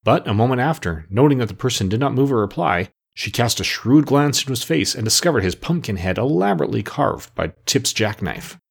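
A man narrating a storybook aloud in an expressive storytelling manner. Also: mid-range voice, fairly quick, vocal fry, hardly any pauses, breathy edge. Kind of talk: audiobook narration.

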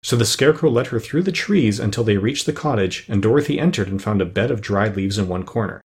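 A man narrating a children's storybook in a steady, even reading voice. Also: fairly low pitch, fast talker. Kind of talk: audiobook narration.

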